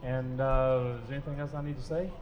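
An easygoing male band member giving quick stage announcements. His voice sits at an ordinary male pitch. A long hall reverb trails his words. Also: level tone, darkish tone, highs cut off, soft background music. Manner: easygoing, quick sales patter.

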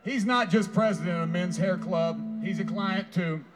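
A man hosting a live variety show with folksy emcee patter and shouted introductions. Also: high voice, unhurried, faint music behind. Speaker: show host.

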